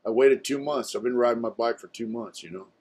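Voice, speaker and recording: A man's voice: medium pitch, fairly quick, darkish tone, slightly rough. An older man telling his own story in a casual, blunt way, with some swearing and a lot of "you know" between phrases.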